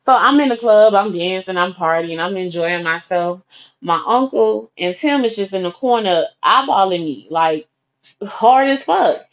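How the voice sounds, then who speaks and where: A young woman tells a personal story in blunt, profane everyday talk, slipping into the voices of the people in it as she goes. Her pitch sits in the middle of the usual range. The recording is dull and lo-fi, with muffled highs. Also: a little slow. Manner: profane, lively retelling full of quoted dialogue.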